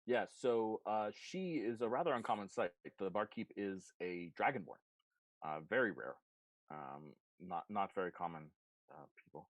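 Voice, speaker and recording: A man's voice: lowish voice, lively intonation, moderate pace, no room sound, poor audio. A man narrating as game master of a tabletop game, loose and rambling, with many ums and restarts.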